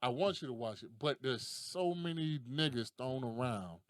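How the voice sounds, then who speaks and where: Animated young man, lively swinging voice. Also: mid-range voice, normal speed, dry recording, clean studio sound. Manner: animated, profane storyteller who laughs often. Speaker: podcast host. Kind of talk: casual podcast chat.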